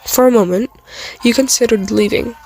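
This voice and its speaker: A woman's voice: fairly high pitch, moderate pace, creaky, darkish tone, soft background music, poor audio. A woman reading a fan fiction story aloud in a casual way, now and then stumbling over words and apologizing.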